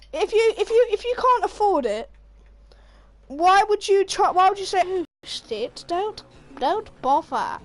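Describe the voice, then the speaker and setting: A young woman streamer reading out a news story while gaming, animated and sweary, laughing as she goes. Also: very high voice. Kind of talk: casual commentary while gaming.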